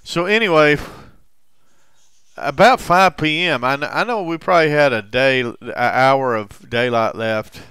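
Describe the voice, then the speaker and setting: A man in recovery telling a personal story in a halting way, with frequent restarts and heavy swearing. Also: medium pitch, pushed and bright, clear, resonant tone, dry recording. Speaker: recovering alcoholic sharing his story.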